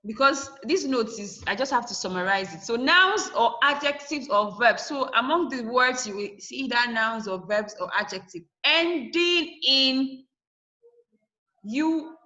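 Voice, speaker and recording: Woman, teacher, classroom lesson, bright tone, slightly high voice, asks questions then answers them. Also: lively intonation, a little slow, muffled recording. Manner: spells endings letter by letter.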